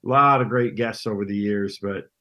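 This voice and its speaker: Middle-aged man, lowish voice, relaxed guest. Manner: relaxed, plain-spoken, halting restarts. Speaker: guest, pro angler. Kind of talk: casual interview chat.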